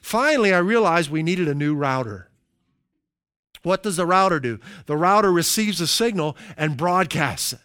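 A middle-aged man preaching a sermon as pastor, slowing down to stress key phrases and dropping into conversational asides. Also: fairly high pitch, lively intonation, fairly bright tone, smooth, no echo, clean studio sound. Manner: slows down for emphasis, conversational asides.

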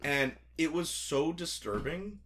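A man, telling stories in a casual chat, animated and laughing as he acts out quotes. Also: on the high side, takes it slowly, a little hiss or hum.

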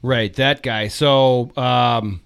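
A man's voice: mid-range voice, fairly even intonation, drawn-out words, vocal fry, a bit bright, clear, resonant tone. A man in a casual film chat who muses and hesitates as he works out his opinions. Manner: musing, hesitant, circles around his opinions.

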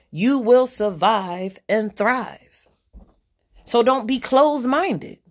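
A woman hosting a podcast, giving a general spiritual reading as a blunt, profane pep talk that repeats its key lines. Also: mid-range voice.

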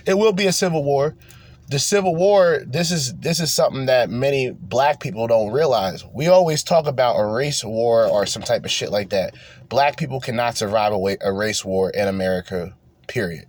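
A man's voice: medium pitch, normal speed, a little hiss or hum. A young man from New Jersey, hosting a podcast, delivers a rambling, profane and heated political rant in a casual tone. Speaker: podcast host.

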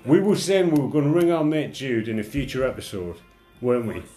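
A man's voice: medium pitch, lively intonation, a little fast, dark tone, faint music behind. A man from Durham, co-hosting a casual, sweary podcast chat with a rambling, self-deprecating way of talking. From England, Durham. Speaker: podcast co-host.

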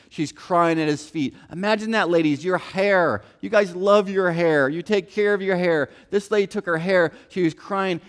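A man preaching a sermon in a conversational style, often acting out quotes and coming back to stock phrases. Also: a little high. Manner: conversational preaching, acts out quotes, repeats "here's the thing". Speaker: pastor.

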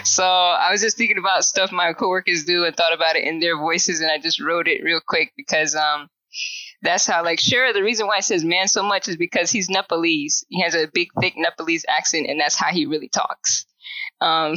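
A woman's voice: on the low side, steady tone, normal speed, bright, forceful tone, no room sound, low-quality recording. A woman who wrote the sketch, reading its stage directions and then chatting about where it came from. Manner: chatty, rambling, lots of um and like. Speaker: sketch writer.

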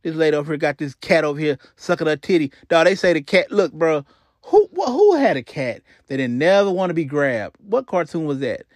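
A man's voice: a little high, brisk, dry recording, studio quality. A man hosting a show, ranting in a casual comic way, swearing a lot and repeating himself. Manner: profane, animated, repeats himself. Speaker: podcast host.

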